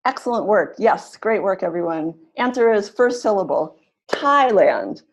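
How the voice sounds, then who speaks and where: A woman runs an online webinar for language teachers, speaking through a computer mic. She sounds clear and encouraging, and she stretches and punches the stressed syllables of the words she models. Her voice sits at an ordinary middle pitch. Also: normal speed, darkish tone. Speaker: webinar facilitator.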